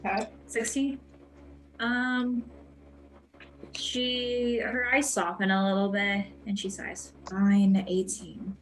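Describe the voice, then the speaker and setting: A woman narrating as game master of a tabletop game, relaxed and pausing with ums. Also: fairly high pitch, low-quality recording.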